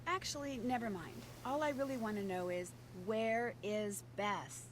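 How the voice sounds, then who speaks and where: A woman's voice: fairly high pitch, normal speed, slight background noise, lightly acted. A woman voicing a determined young detective. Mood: probing. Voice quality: direct, questioning. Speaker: game protagonist. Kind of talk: video game voice acting.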